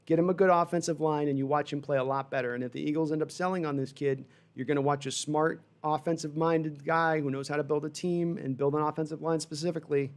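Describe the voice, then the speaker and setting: A man hosting a fan livestream, giving rambling, animated live sports reaction with frustrated asides while reading chat. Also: fairly high pitch, fast, few pauses.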